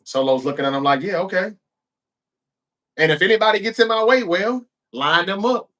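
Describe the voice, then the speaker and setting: A man's voice: sits high, expressive, quick pace, sharp tone. A man hosting a show, giving a casual recap of a wrestling episode and acting out the wrestlers' lines as he goes. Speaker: show host.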